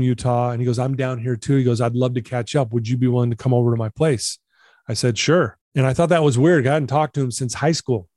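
Man, podcast guest, earnest, confessional, mellow dark tone, dry sound. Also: mid-range voice, no echo. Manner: earnest, confessional, acts out quoted dialogue. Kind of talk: storytelling interview.

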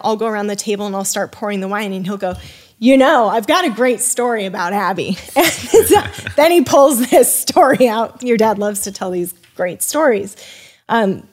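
Chatty woman telling a story. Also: medium pitch. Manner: animated, acts out quoted dialogue; loose, full of fillers like "you know" and "like". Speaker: podcast guest, wine sommelier. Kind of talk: casual storytelling chat.

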